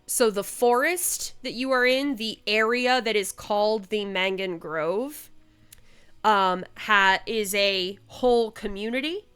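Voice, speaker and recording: A woman's voice: medium pitch, slow pace, fairly bright tone, clear, resonant tone. A woman running a tabletop game as game master, describing scenes in a rambling way with frequent fillers and restarts. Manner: rambling, hesitant, many fillers and self-corrections.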